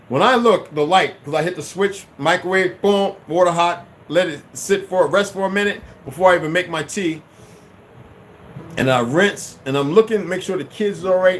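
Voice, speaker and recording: Profane, animated man telling a story. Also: sits high, a little hiss or hum. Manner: profane, animated, addresses viewers as y'all. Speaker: vlogger. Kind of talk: casual storytelling to viewers.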